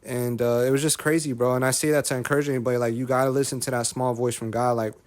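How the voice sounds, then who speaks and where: A man in his thirties who opens up on a podcast, emotional and preachy. He circles back and repeats his phrases as he speaks. His voice sits at an ordinary middle pitch. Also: flat delivery, quick pace. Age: 30s. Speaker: guest, rapper and content creator. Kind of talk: candid podcast conversation.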